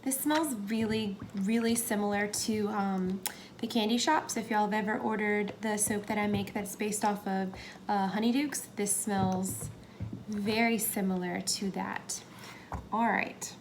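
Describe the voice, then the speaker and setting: A woman's voice: mid-range voice, fairly even intonation, unhurried. A young woman narrating a soap-making session in a chatty, hesitant way, dropping to a whisper now and then. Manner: chatty, hesitant, drops into whispers while working. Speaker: soap maker. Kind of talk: casual how-to narration. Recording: faint background noise.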